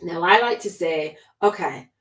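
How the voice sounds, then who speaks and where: A woman's voice: fairly low pitch, measured pace, fairly bright tone, roomy sound. A woman spiritual life coach hosting a livestream, talking in a gushing, emotional way, laughing often and close to tears. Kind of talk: emotional motivational livestream talk.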